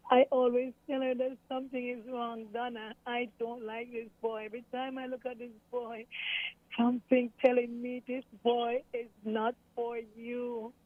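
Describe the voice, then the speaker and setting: Speaking in an interview, the mother of a missing woman, a middle-aged Jamaican, recounts what happened with her daughter and repeats other people's words, at times through tears. Her voice is on the high side. The audio has no echo and sounds thin and phone-like.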